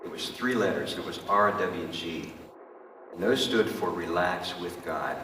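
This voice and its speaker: A deep-voiced man performs an earnest stage monologue, telling his life story and confiding directly in the audience. He's on a stage in a large hall, picked up from far off, so the sound is echoey and the background noisy.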